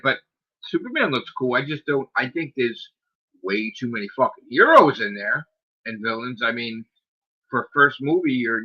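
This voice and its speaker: A husky, mid-range male voice carries an exasperated podcast rant packed with swearing, repeated rhetorical questions and plenty of "like." It's a casual rant, captured on a streaming microphone with a slightly dull lo-fi quality.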